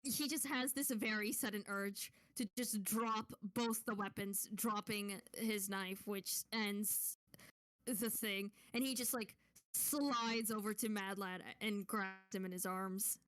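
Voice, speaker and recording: A woman's voice: mid-range voice, steady tone, takes it slowly, fairly bright tone, no echo. A woman player in a tabletop game, narrating her character's actions in a casual, chatty way.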